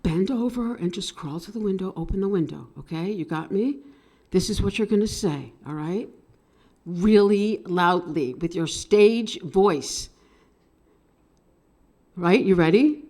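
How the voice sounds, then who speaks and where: A woman telling a personal story at an open mic, swinging between hushed and loud with strong emotion. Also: medium pitch, lively intonation, measured pace. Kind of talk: live dramatic storytelling.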